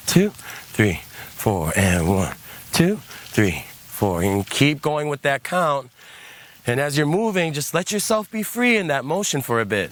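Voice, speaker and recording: A man leading a guided movement class, calmly coaching steps, counting aloud and leading rhythmic chants. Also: mid-range voice.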